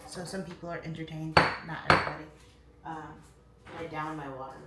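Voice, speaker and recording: Woman, 30s, casual livestream host, rambling and chatty, lowish voice, distant mic. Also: steady tone, fairly quick. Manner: greets and thanks chat viewers. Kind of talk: casual morning livestream chat. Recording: roomy, distant mic, faint room noise.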